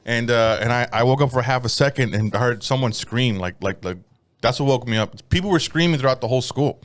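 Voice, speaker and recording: A man's voice: mid-range voice, a little fast. A man in his thirties, a comedian telling a story in casual podcast banter, swearing freely and laughing as he talks. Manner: animated storyteller, swears a lot, laughs through his stories.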